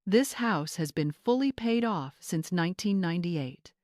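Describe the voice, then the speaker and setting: A woman voicing a retired homeowner in her seventies who speaks with calm, clipped authority. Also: lowish voice, a little slow, no room sound, clean studio sound. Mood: commanding. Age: 70s.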